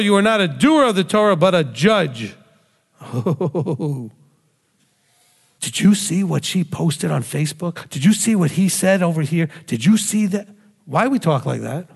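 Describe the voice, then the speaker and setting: A man delivering a lively sermon as a rabbi, laughing now and then and acting out voices as he speaks. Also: sits high, in a large hall. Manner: animated preaching, laughs often, acts out voices.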